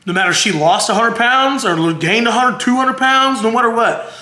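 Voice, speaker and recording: A man's voice: extremely high pitch, moderate pace, sharp tone, reverberant. A man speaking to his viewers in an earnest, rambling way, emotional and close to tears. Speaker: vlogger, husband. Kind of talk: heartfelt to-camera monologue.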